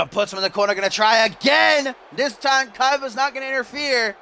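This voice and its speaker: A man calls a wrestling video game match in a very high, gravelly voice, sharp and bright in tone. He shouts, swears and runs out of breath as the action builds, like a mock ring announcer. A faint hiss of noise sits behind him. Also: normal speed. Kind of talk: excited play-by-play commentary.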